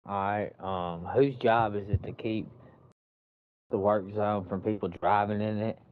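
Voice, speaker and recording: Man, casual storyteller, profane and animated, dull dry recording. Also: on the low side, measured pace, no room sound. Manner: profane, animated retelling with quoted dialogue. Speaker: construction worker telling a story.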